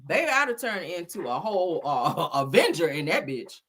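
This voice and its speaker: A woman hosting a casual commentary chat, talking loud and profane, laughing often as she tells stories. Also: on the low side, very animated, moderate pace. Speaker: host.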